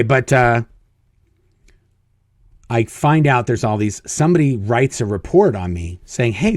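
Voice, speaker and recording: Man, middle-aged, low voice, dry close sound, rambling casual storytelling. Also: a little mellow, dry recording. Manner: rambling anecdotes, acting out quoted dialogue. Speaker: guest telling his story.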